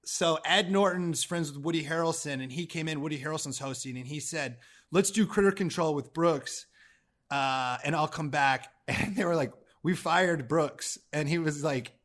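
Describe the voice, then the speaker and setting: Young comedian man, quick animated storytelling, acts out quotes, swears freely. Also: on the high side. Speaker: comedian guest. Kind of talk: casual interview chat.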